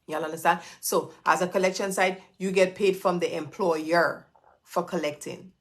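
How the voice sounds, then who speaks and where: A woman's voice: on the low side, steady tone, normal speed. A middle-aged woman, hosting a live stream question-and-answer session in a chatty, direct way, calling her viewers y'all. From Florida. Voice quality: creaky.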